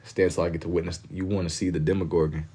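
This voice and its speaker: Deep-voiced laid-back streamer guy. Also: little pitch movement, rapid-fire, warm tone, breathy edge. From Kentucky. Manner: laid-back slang-heavy banter, reading and answering chat. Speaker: livestreamer. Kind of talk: casual chat with live viewers while drawing.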